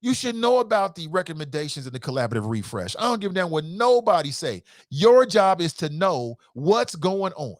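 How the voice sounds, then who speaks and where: A man's voice: very animated, a little fast, no echo, studio quality. Blunt, fired-up man hosting a call-in show. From Cincinnati. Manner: passionate, blunt, swears, swings from low mutters to high outbursts. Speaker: show host. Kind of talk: call-in talk show commentary.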